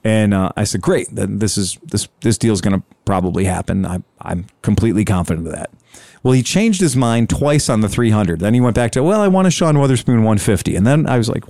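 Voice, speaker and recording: A man's voice: on the low side, expressive, a little fast, warm tone, dry recording. A man telling a long sales story in casual chat, acting out both sides of the conversation. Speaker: scooter dealer telling a story.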